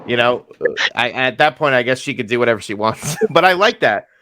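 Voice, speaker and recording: A man hosting an interview podcast, chatty and quick to laugh. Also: mid-range voice, lively intonation, pushed and bright, slight background noise. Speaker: podcast host, MMA journalist. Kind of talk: casual interview chat.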